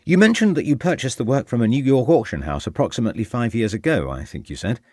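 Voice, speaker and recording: A man voicing a shrewd Victorian police inspector who questions people in a formal, measured way. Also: medium pitch, big pitch swings, darkish tone, no room sound, clean studio sound.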